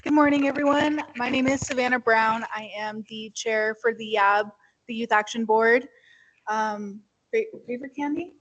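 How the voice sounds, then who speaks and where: A woman's voice: on the high side, moderate pace, fairly bright tone, muffled recording. A woman who chairs a youth board, introducing herself at a meeting in a casual, slightly hesitant way. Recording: faint background noise.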